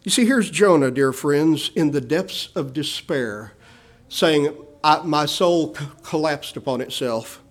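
A male preacher giving a sermon with dynamic swells and hushed drops, often calling his listeners beloved. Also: on the high side, animated, a little slow.

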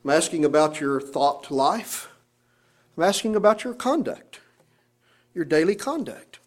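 A man's voice: fairly high pitch, sing-song, a little slow, pauses often. A middle-aged man, a pastor, preaching a sermon with rising emphasis and pointed rhetorical questions.

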